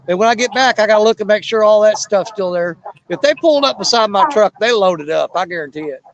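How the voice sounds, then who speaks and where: A man's voice: high-pitched, lo-fi sound. A man hosting a live fishing panel from a riverbank on his phone, chatting in a folksy, rambling way while still out of breath. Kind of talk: casual live-stream chat. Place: outdoors on a riverbank in the evening.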